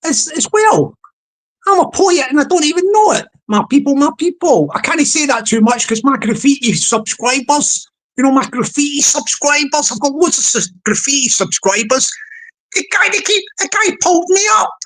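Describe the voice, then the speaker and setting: A woman's voice: high-pitched, lively intonation, normal speed, a bit bright, low-quality recording. A woman hosting a livestream, talking in a rambling, playful, sing-song way that often repeats itself. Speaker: livestream host. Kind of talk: rambling casual livestream monologue.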